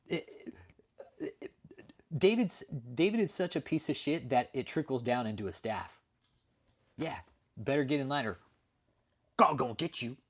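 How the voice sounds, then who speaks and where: A man hosting a late-night livestream, ranting profanely and answering viewers in chat. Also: medium pitch. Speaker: livestream host.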